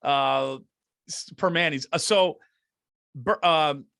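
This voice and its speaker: A man's voice: a little high, slow pace, creaky, pushed and bright, smooth, no echo, clean studio sound. A man, a comedian co-hosting a podcast, telling rambling profane stories in casual chat, saying dude constantly. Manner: rambling, profane, says dude a lot, restarts.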